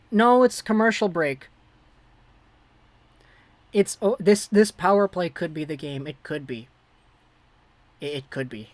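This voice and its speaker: A woman hosting a fan livestream, giving live play-by-play that swings between hushed worry and excited shouting. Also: deep voice, dry recording. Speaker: livestream host.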